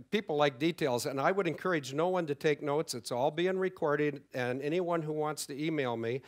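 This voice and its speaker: A middle-aged man telling a story to a conference audience, acting out the exchanges he quotes. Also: mid-range voice. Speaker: conference speaker. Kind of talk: conference talk. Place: conference hall.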